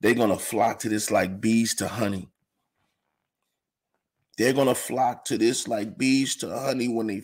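A man's voice: mid-range voice, husky. A man hosting an informal online show, talking casually to his viewers, laid-back and slangy. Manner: laid-back, laughing often, slangy asides.

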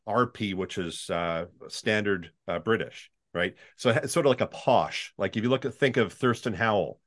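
A Canadian man with a baritone voice, a voice-over artist chatting in an interview and slipping into demo voices. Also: moderate pace. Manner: chatty, animated, demonstrates reads in put-on voices. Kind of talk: casual interview chat.

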